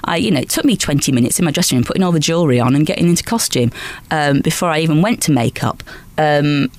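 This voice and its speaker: A woman in her forties from Lancashire, England, telling lively stories in an interview as a guest actress, often restarting sentences. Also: deep voice, fast talker. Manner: lively anecdotal storytelling, frequent restarts and small laughs. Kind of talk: chatty interview answers.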